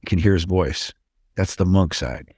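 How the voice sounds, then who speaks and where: Podcast guest, middle-aged man; low-pitched, raw and candid, swears freely. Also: normal speed, a little mellow, husky, dry recording, clean studio sound. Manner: intense, blunt, swears freely. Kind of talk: candid interview talk.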